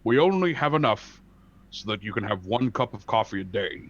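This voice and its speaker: A man's voice: on the low side, animated, brisk, muffled recording. A man playing a tabletop game, talking in a dry, matter-of-fact way. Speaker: player.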